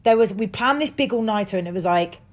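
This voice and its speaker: A woman's voice: mid-range voice, expressive, fast talker. Young woman, casual podcast co-host, chatty and giggly, lots of fillers. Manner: chatty storytelling, laughs often, many "like" fillers. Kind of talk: casual chat.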